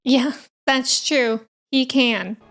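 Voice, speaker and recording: A woman hosting a reaction video, giving expressive commentary, gushing as a fan who is quick to outrage and tears. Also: high voice, soft background music. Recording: show audio playing under her voice.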